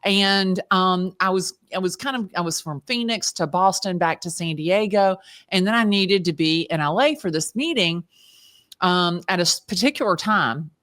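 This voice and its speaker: A woman with a Southern US accent hosting an interview podcast, telling stories in an excitable, chatty way. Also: on the low side, moderate pace. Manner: excitable, storytelling, Southern "y'all". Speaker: podcast host. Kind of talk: casual interview chat.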